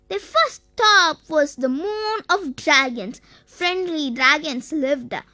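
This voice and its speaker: Sing-song children's story narrator, very high and unhurried, dry close sound. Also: animated, bright, forceful tone, dry recording.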